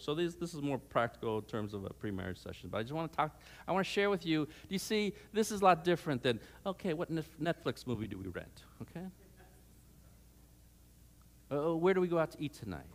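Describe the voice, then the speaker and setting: A middle-aged man giving a conversational sermon on marriage to students, telling stories and often checking in with "okay?". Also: mid-range voice. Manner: chatty, anecdotal, frequent "okay?" check-ins. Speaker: speaker at a church student rally. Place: church hall.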